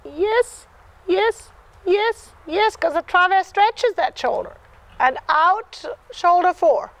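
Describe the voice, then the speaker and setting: A woman with a very high, light voice coaching a dressage rider in a live lesson. She talks in encouraging bursts, repeats "yes" again and again, and sings out the horse's rhythm. Her teaching is warm but focused. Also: animated, slow. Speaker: dressage clinician.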